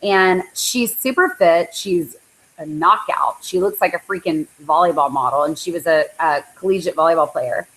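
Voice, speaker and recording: A woman's voice: on the low side, moderate pace, fairly bright tone, rough recording. A woman coaching her team on a live call, chatty and full of likes and ums. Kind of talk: casual motivational talk. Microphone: live online call.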